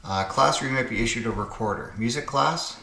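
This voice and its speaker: A man's voice: mid-range voice, brisk, vocal fry, sharp tone, reverberant, a little hiss or hum. A man hosting his own puzzle channel, thinking aloud and muttering to himself as he solves word games. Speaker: puzzle game channel host. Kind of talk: casual solo puzzle-solving commentary.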